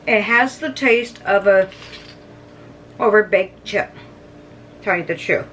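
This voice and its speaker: This middle-aged woman has a mid-range, slightly bright voice and a slow pace. She's a food vlogger chatting casually as she tastes snacks on camera, humming and chewing between bites, with a distant mic and faint background noise.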